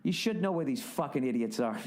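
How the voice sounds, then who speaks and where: A man hosting his own podcast, launching into an exasperated, swear-laden monologue. His voice sits at an ordinary middle pitch. He lands his points with biting sarcasm and mocking asides. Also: animated, brisk, a little mellow, slight background noise. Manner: profane, exasperated ranting. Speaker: podcast host. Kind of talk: solo podcast rant.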